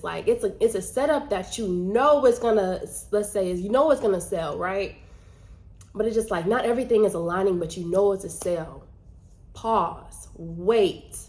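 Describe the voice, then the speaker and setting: A woman's voice: medium pitch, a little mellow. A woman trader in a casual vlog, talking earnestly and chattily, with lots of "like" fillers. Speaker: vlogger and trader. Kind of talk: casual talk to camera.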